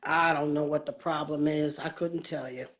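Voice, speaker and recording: Calm speaker talking on a phone. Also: mid-range voice, moderate pace, dull audio. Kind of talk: casual chat.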